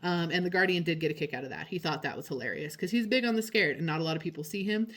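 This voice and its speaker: A woman's voice: fairly low pitch, very fast, a bit bright. A woman who guides psychic trips, narrating a travel vlog in a chatty, enthusiastic way with lots of casual fillers. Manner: chatty and enthusiastic, with frequent "like" and slang.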